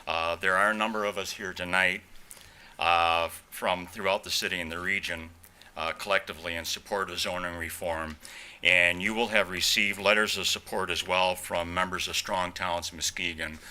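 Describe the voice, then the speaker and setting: A man's voice: sits low, fairly even intonation, moderate pace, bright, forceful tone, smooth. A man giving formal, polite public comment at a city meeting. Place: city council chamber.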